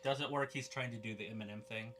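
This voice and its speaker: A woman's voice: a bass voice, fast talker, slight background noise. A woman co-hosting a casual live watch-along of a wrestling show, bantering and joking. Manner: animated, jokey banter. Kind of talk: casual live reaction chat.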